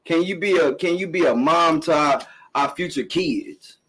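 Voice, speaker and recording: A man's voice: on the high side, normal speed, fairly bright tone, slightly rough, poor audio. A middle-aged man hosting a live-streamed podcast, ranting bluntly and emphatically, swearing often and repeating himself. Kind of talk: casual profane commentary rant.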